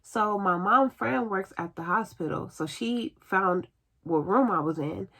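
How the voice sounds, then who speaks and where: A woman with a mid-range voice recounts something that happened to her in a laid-back storytime vlog, talking a little slowly. She stays chatty and lively, voicing the words of the others involved.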